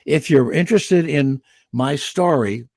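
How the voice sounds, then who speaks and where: An older man from Indiana, a guest voice actor telling animated stories about his life on a video call. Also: on the high side, measured pace, vocal fry, no echo, clean studio sound. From Indiana, USA. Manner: animated storyteller, slips into character voices for quotes. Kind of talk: anecdotal storytelling.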